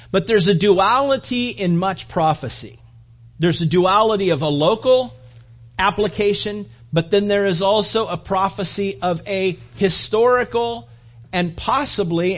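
A man preaching a sermon, acting out the voices he quotes and sometimes dropping to a hushed, near-whispered delivery. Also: sits high, lo-fi sound. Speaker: pastor.

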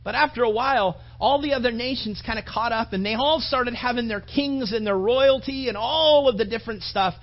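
A man's voice: extremely high pitch, a little fast, few pauses, highs cut off. A man pastor preaching a sermon in a casual, emphatic way, with frequent repetitions and asides to the congregation.

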